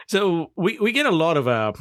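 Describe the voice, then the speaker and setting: A man's voice: a little high, a bit bright, no echo, clean studio sound. A man co-hosting a podcast, picking apart a film with laughing, critical banter. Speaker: podcast co-host. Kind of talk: casual film discussion.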